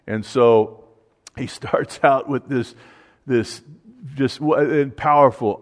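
A man's voice: medium pitch, slow pace, pauses often. A man preaching a conversational sermon on a psalm, dropping his voice for the quoted prayers. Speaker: pastor. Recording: long hall reverb.

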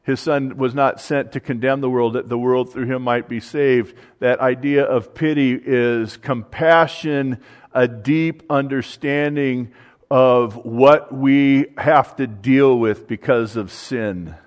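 A man's voice: mid-range voice, fairly even intonation, takes it slowly. A man preaching a conversational sermon on a psalm, dropping his voice for the quoted prayers. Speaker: pastor. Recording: long hall reverb.

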